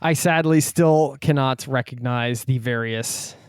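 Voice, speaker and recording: A man's voice: mid-range voice, a little slow, smooth, no echo, clean studio sound. Friendly male podcast host. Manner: friendly, energetic, says "my friend". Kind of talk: casual interview podcast.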